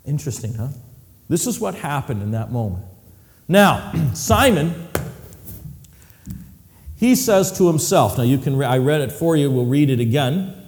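A middle-aged male pastor preaching an animated sermon, acting out voices and laughing often as he tells stories. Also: medium pitch, measured pace, long pauses, in a large hall.

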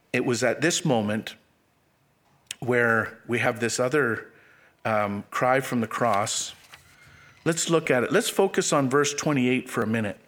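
A man preaching a sermon, acting out quotes with sudden jumps in pitch and dropping to a hushed low voice on key phrases. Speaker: pastor.

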